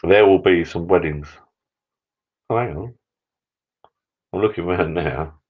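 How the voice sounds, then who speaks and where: A man's voice: low voice, measured pace, muffled recording. An older man hosting a live stream from his backyard bar, chatting in a rambling, sentimental way. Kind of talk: casual chat. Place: backyard garden bar shed.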